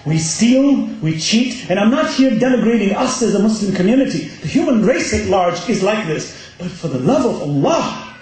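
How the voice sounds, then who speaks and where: A man's voice: high-pitched, big pitch swings, moderate pace, few pauses, a little mellow. A man giving a passionate Muharram sermon, driving his points home with rhetorical questions. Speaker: religious lecturer. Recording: very echoey hall.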